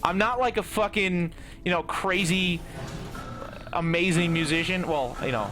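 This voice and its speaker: A man's voice: sits high, measured pace, music in the background. A young man livestreaming a game, talking casually with lots of swearing and ranting. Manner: profane, ranting, bursts into shouting. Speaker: gaming livestreamer.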